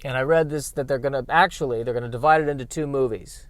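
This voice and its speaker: A man's voice: mid-range voice, quick pace, no room sound. A man hosting a solo comedy podcast from inside his car, delivering self-deprecating rants and comic asides while he drives. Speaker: podcast host. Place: in a car, driving and parking.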